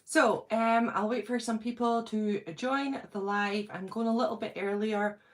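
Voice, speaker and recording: A middle-aged British woman hosting a casual livestream, nervous and excited, chatting and greeting viewers by name. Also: on the high side, unhurried. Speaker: channel host doing a livestream.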